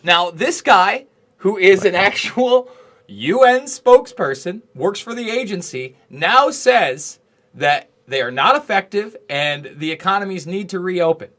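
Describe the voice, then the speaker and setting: A man with a high, bright and forceful voice rants through political commentary as the host of a talk show. He swears freely and hammers each point with angry emphasis. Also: expressive, measured pace. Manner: profane, ranting, emphatic.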